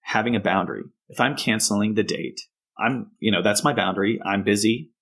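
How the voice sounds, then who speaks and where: Man with a low voice explaining calmly. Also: brisk. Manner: explanatory, acts out example phrases to kids. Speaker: counselor. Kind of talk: explaining in a podcast interview.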